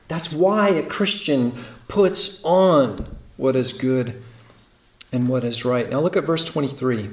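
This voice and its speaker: A man preaching a sermon, emphatic, slowing to stretch key words and asking rhetorical questions. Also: medium pitch, reverberant, recorded from a distance. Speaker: pastor.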